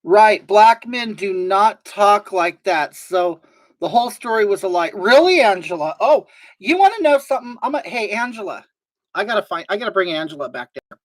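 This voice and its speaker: This livestream host, a performer in a comedy stream, plays a gossipy, brash woman who wanders off topic and grows indignant reading chat aloud. Lively intonation rides on a medium-pitched, near-everyday voice delivered at moderate speed.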